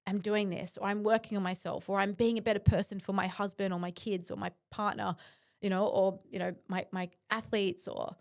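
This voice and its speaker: A woman's voice: medium pitch, level tone, brisk, vocal fry. Earnest, intense woman. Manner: earnest, intense, with frequent fillers. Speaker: podcast guest, bodybuilder. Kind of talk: reflective interview talk.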